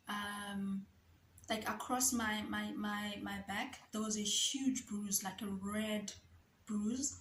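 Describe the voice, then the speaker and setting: A woman's voice: medium pitch, slight background noise. Candid woman, roomy sound. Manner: candid, emotional, acts out remembered dialogue. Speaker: vlogger. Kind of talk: personal storytelling to camera.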